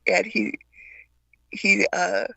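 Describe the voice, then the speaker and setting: A woman's voice: medium pitch, flat delivery, very slow, vocal fry. An older woman from Taiwan, a guest telling stories in a casual chat, stammering now and then and acting out voices. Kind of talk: casual storytelling.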